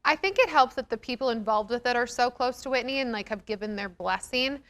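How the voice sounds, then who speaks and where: A woman's voice: on the high side, expressive, brisk, fairly bright tone. A woman co-hosting a talk show, chatting and explaining in a casual way. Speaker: co-host. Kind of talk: casual entertainment chat.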